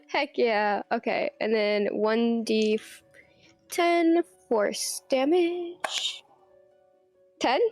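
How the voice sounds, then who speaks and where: Slow, deliberate woman playing a tabletop game. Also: a little high, a little mellow, dry recording, soft background music. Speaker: player. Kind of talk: casual tabletop game play.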